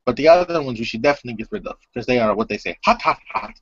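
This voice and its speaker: A man putting on a creepy foreign vampire gentleman. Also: mid-range voice, expressive, rapid-fire, dry recording, natural voice. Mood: sardonic. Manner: broken grammar, theatrical, sardonic. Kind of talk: tabletop role-play in character. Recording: dull lo-fi recording.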